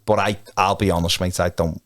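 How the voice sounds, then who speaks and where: A man's voice: sits low, flat delivery, fairly quick, a bit bright, dry recording, studio quality. A man chatting casually as a podcast guest, telling stories and chuckling often. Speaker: podcast guest, fan channel presenter. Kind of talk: casual chat and anecdotes.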